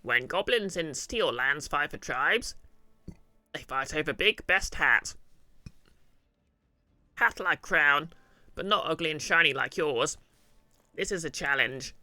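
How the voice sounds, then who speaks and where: A man voicing an anxious male goblin chief in a video game, speaking in loud, halting broken grammar. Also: a little high, expressive, no echo, full character voice. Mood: uneasy.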